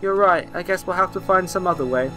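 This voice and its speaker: A man's voice: high-pitched, fast talker, bright, forceful tone, voice pushed up. A man doing a timid, earnest young boy. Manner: hesitant, earnest, stammering. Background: game music.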